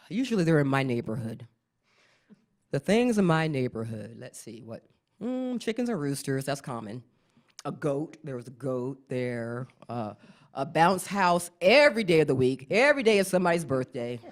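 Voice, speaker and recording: A middle-aged woman performing a stand-up comedy set, often jumping into squeaky acted-out voices. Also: very animated, normal speed.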